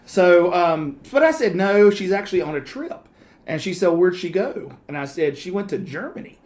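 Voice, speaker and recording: A man's voice: sits high, big pitch swings, a little mellow. Teasing man co-hosting a podcast. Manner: joking, teasing, quick asides. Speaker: podcast co-host. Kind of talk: casual chat, storytelling.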